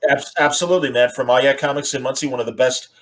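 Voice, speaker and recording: A man's voice: medium pitch, quick pace, fairly bright tone, poor audio. A man hosting a casual video-call interview, rambling with many fillers. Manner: friendly, rambling, lots of fillers. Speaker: host.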